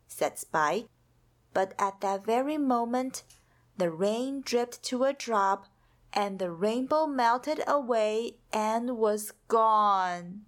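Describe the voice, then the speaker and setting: A woman reading a children's storybook aloud with an expressive, soothing delivery. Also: medium pitch, slow pace. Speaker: storybook reader.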